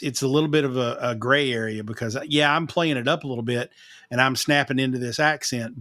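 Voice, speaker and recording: A man's voice: mid-range voice, fairly bright tone, no echo, clean studio sound. Folksy man with a slight Southern twang. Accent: Eastern Kentucky Appalachian, slight twang. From Appalachian mountains. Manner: folksy, self-deprecating, laughs often. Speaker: podcast host and broadcaster. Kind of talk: casual chat.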